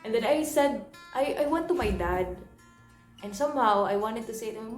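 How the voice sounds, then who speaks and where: A woman's voice: fairly high pitch, lively intonation, normal speed. A young woman telling a personal story in an earnest, emotional way, often repeating and restarting her phrases. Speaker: vlogger. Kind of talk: personal confessional vlog. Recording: roomy echo, soft guitar music underneath.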